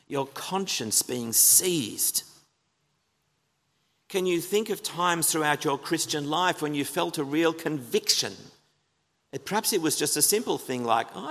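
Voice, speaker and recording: A man's voice: on the high side, vocal fry, a bit bright. A man preaching an earnest, emphatic sermon in a church, asking the congregation rhetorical questions. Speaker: pastor. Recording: long reverb of a church hall.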